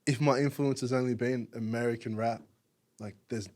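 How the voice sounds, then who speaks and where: A young Australian man from Melbourne, founder of a music publication, talks casually as a podcast guest. He rambles, says "like" constantly and laughs often, in a medium-pitched, darkish voice with fairly even intonation at a normal speed.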